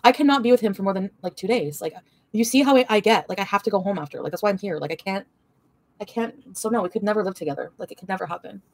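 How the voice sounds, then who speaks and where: A woman's voice: mid-range voice, fast, no echo. A young woman livestreaming an angry, profane, rambling rant full of fillers.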